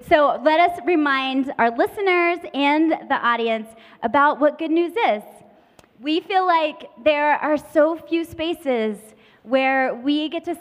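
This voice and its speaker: A woman hosting a live podcast on a conference stage, chatty, playful and upbeat. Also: sits high. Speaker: podcast host. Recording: hall reverb, dull lo-fi sound.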